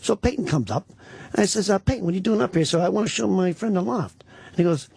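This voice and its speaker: A man's voice: sits high, fast talker, gravelly, breathy edge, dry recording. A middle-aged man telling rambling, profane stories in casual talk-radio banter as a comedian guest. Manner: profane, rambling, animated storyteller.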